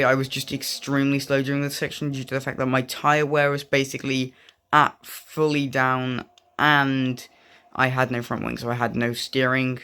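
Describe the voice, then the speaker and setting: Commentating on racing game footage, a young gaming creator rambles casually and wanders onto tangents often. He has a medium-pitched voice with a sharp tone.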